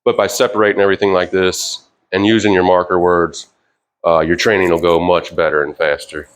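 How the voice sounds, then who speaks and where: A man teaching dog training in a relaxed, rambling way with many fillers, giving short sharp commands to a dog. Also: low voice, fairly quick. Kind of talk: casual instructional talk. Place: indoors with a dog.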